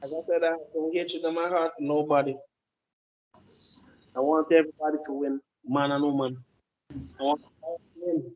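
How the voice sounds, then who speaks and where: A man's voice: fairly high pitch, steady tone, moderate pace, pauses often, a little mellow, highs cut off. A man with a Jamaican accent delivering an emphatic, preachy opinion monologue, often repeating his words. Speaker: commentator.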